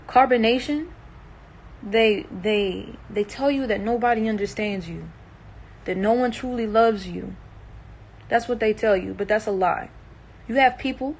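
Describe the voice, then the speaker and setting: Young woman, livestream monologue, earnest, emphatic, distressed, swears, fairly high voice. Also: a little slow, pauses often, poor audio.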